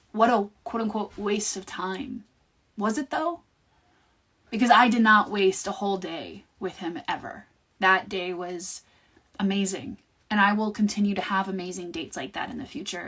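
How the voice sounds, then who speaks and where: Candid, husky young woman reflecting. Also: mid-range voice. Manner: candid, reflective, often trailing off to quieter words. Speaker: livestream host. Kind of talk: casual personal monologue.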